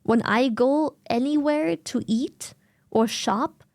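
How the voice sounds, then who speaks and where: A woman's voice: sits high, slow, darkish tone, dry recording, studio quality. A young German woman with a German accent, chatting casually as a streamer and eagerly explaining things, repeating herself for emphasis. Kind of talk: casual chat with chat.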